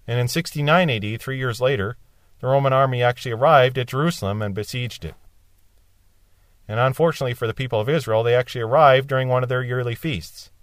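A man's voice: mid-range voice, dry recording, studio quality. A man teaching a Bible passage verse by verse, explaining it plainly and lifting his voice to stress quoted lines. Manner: explanatory, rising in emphasis on quoted cries.

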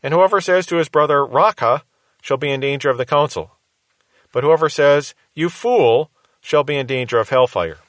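Man, radio Bible teacher, slightly high voice, dry studio sound, earnest and reasoning. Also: expressive, normal speed, a bit bright, dry recording. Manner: earnest, reasons with rhetorical questions.

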